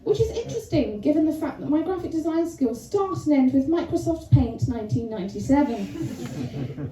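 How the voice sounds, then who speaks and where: A woman's voice: high voice, very animated, normal speed, warm tone. A woman performing a chatty, self-mocking stand-up comedy set on a club stage. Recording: roomy venue sound, from a distance.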